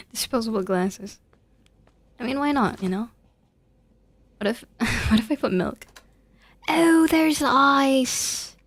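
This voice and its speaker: A woman's voice: fairly high pitch, takes it slowly, long pauses, no room sound. A young woman giving casual, giggly gameplay commentary with a playful, self-mocking manner. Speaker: streamer.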